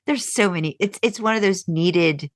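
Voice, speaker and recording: A woman co-hosting a podcast in a relaxed, chatty way. Her voice sits low, and it is recorded close and dry. She restarts sentences often and fills gaps with ums. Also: moderate pace, dry recording. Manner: chatty, animated, lots of fillers and restarts; jumps into high voices when quoting. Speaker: podcast co-host. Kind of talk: casual chat.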